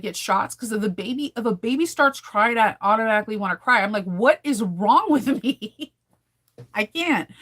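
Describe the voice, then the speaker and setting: A woman in her thirties talks straight to her viewers in a relaxed daily vlog. She rambles from one thought to the next and laughs often between sentences. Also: medium pitch. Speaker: sewing vlogger. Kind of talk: casual daily vlog chat.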